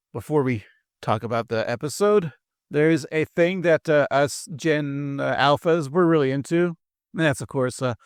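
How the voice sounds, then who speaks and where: A man's voice: a little high, smooth, no echo, clean studio sound. A man co-hosting a casual podcast, joking and rambling with lots of fillers. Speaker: podcast co-host.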